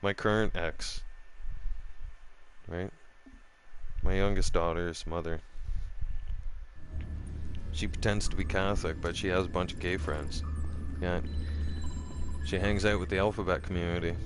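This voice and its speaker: A man telling a personal story in a casual vlog, animated and profane, often repeating himself. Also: low voice, unhurried, pauses often, background noise. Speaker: vlogger.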